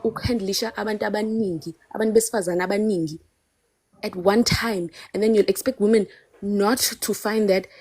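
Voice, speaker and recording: A woman's voice: medium pitch, dark tone, slightly rough. A South African woman arguing heatedly on a live-stream call, emphatic and defensive as she pushes back on the men on the panel.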